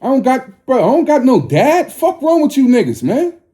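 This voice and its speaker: A man's voice: very high-pitched, very animated, moderate pace, dark tone. A man in his forties delivering a confrontational, preachy monologue to his viewers, profane and scolding. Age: 40s. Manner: scolding, lecturing tone.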